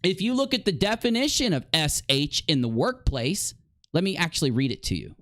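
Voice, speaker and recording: A man hosts an online commentary video, confronting his opponent directly in a mocking, combative way. His voice is a little high, very animated and brisk with a fairly bright tone, captured in clean studio sound with no room sound.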